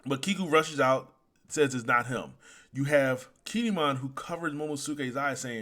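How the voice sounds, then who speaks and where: A man's voice: mid-range voice, normal speed. Exasperated man reviewing a comic chapter. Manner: animated, exasperated, swears freely. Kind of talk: casual commentary.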